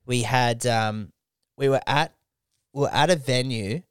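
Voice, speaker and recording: A man's voice: medium pitch, a little slow, clean tone, no echo, studio quality. A young man hosting a casual comedy podcast, telling crude stories with lots of swearing and laughter. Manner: crude, laughing storyteller, mimics voices. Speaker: podcast host.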